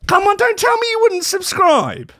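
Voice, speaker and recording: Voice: very high-pitched, normal speed, no echo, clean studio sound. Sweary British comedic ranter. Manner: sweary, mocking, animated, with voices and outbursts. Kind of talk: crude comedic rant.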